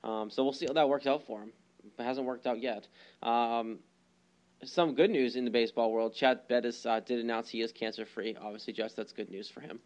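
A man's voice: medium pitch, steady tone, fairly quick, a little mellow, lo-fi sound. A man co-hosting a casual sports podcast, rambling with lots of ums and restarts. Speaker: podcast co-host.

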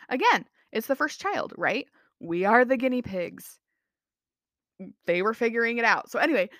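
A woman's voice: sits high, a bit bright, dry recording, studio quality. A woman in her twenties hosting a casual solo podcast, rambling and self-mocking, with many "like"s and "anyway"s. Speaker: podcast host.

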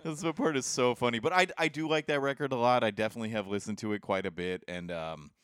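A middle-aged man co-hosting a casual podcast, joking and animated as he talks. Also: mid-range voice, fast talker, clean tone, dry recording, clean studio sound. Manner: animated, joking, laughs often. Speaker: podcast co-host. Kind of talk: casual chat.

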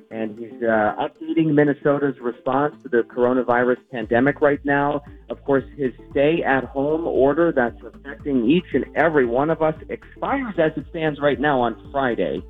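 Male news reporter calling in, conversational headlines, tinny phone line, faint music underneath. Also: mid-range voice. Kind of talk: radio news update.

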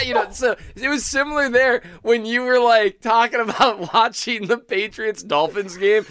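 High-voiced man teasing through laughter, noisy recording. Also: expressive, normal speed, few pauses. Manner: teasing, laughing storyteller who mimics his friend. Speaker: podcast co-host. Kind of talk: casual chat.

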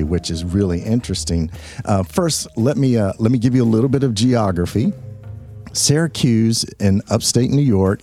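A man's voice: low-pitched, mellow. A man hosting a chatty talk, explaining a bit of history with jokes and asides. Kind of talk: casual storytelling chat.

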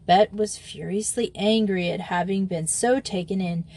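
A woman narrating a children's novel with steady, clear storytelling. Her reading is even and measured, pitched for a book read aloud. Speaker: audiobook narrator.

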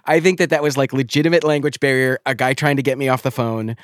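A man's voice: medium pitch, fairly even intonation, fast talker, no room sound. Hesitant young man, dry close sound. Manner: hesitant, self-deprecating, restarts often. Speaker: podcast host. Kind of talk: casual chat and taped phone calls.

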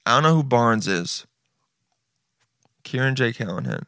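A man's voice: medium pitch, wildly swooping pitch, a little slow, long pauses, pushed and bright, clear, resonant tone, no echo, clean studio sound. A man in his late twenties giving casual reaction commentary, swearing often and saying "dude" all the time. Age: late 20s. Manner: laid-back, swears often, says "dude" constantly. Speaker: video reactor. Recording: music playing behind the voice.

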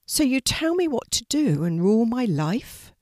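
Lady doing a curious little girl, doubtful and kinda sarcastic, higher voice, dry sound. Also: sing-song, normal speed, a little mellow, no room sound. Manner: questioning, a bit sarcastic.

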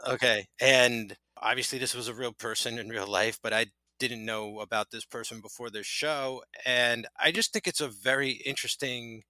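A man's voice: medium pitch, fairly even intonation, moderate pace, few pauses, bright, forceful tone, no room sound. A man co-hosting a podcast, chatting casually and rambling with lots of filler words. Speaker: podcast co-host. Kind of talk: casual chat.

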